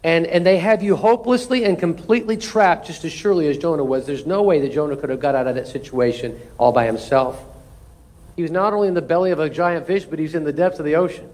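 A pastor delivering a sermon, reading scripture aloud with rising force and breaking off for folksy, humorous asides. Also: male voice, a little high, fast talker, darkish tone.

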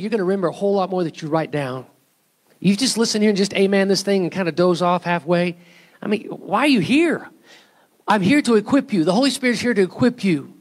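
A male pastor with a high-sitting voice preaches a sermon in church, speaking conversationally to the congregation with rhetorical questions and asides.

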